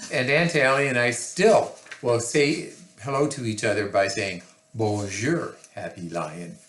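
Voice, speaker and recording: A man reading a picture book aloud to children, slow and expressive with chatty asides. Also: medium pitch, roomy sound.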